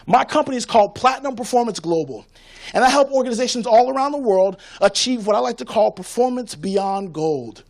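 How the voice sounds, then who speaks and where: Man, very high voice, fired-up motivational keynote, preacher-style call-and-response rhythm, from Florida. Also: animated, brisk, creaky. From Tampa, Florida. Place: conference stage before a live audience.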